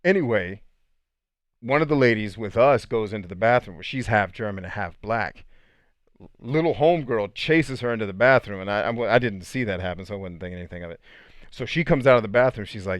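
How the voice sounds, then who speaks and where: A man's voice: fairly low pitch, moderate pace, no echo. A man hosting a podcast and reading out live chat comments in a casual, slangy way, laughing often.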